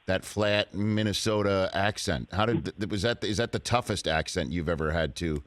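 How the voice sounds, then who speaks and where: A low-pitched man hosts an interview in a dry, close-miked studio. He fires off quick follow-up questions, often rewording them as he goes. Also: dry recording. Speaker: talk show host. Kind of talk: sports talk show interview.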